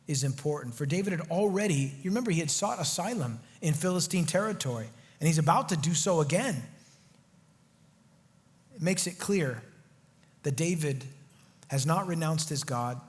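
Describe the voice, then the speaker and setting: A man preaches verse by verse from a church sanctuary, his voice pitched high for a man. He talks with animated, urgent emphasis. A long reverb from the hall trails each phrase. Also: moderate pace. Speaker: pastor. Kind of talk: expository sermon.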